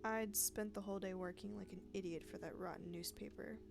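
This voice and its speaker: A woman's voice: medium pitch, steady tone, brisk, vocal fry, close to an everyday voice. A woman reading the lines of a bitter, vengeful female newspaper sub-editor, cold, accusing and pedantic, over game music.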